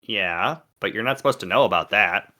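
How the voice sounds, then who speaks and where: A man with a low, bright and tense voice runs a tabletop game as game master. He gives his rulings in a dry, matter-of-fact way. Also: expressive, a little fast.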